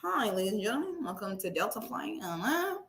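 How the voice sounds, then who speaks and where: A woman voicing a male airline pilot making a calm, slow, laid-back announcement. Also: a little high, creaky, roomy sound, a little hiss or hum, pitched below the performer's own voice, heavily acted. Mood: drawling.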